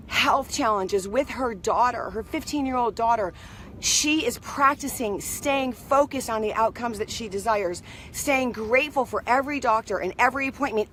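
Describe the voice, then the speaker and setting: High-pitched lady doing a casual motivational talk, animated, keeps saying right?. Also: a little hiss or hum. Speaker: motivational speaker. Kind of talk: casual spiritual pep talk.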